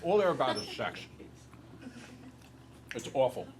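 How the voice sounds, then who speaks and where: A male teacher lecturing a class in an animated, joking storyteller way. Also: mid-range voice, unhurried, noisy background.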